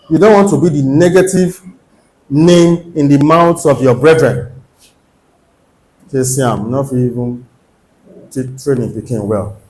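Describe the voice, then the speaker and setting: A man's voice: fairly high pitch, darkish tone. A man with a Nigerian accent preaching a sermon in church, earnest and exhorting, often pressing the congregation with rhetorical questions. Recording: echoey church hall.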